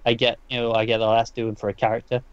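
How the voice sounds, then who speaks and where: A man's voice: mid-range voice, monotone, quick pace, smooth. A man co-hosting a podcast, casually recapping a comic book in a rambling way, full of restarts and fillers. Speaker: podcast co-host. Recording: dull lo-fi dry sound.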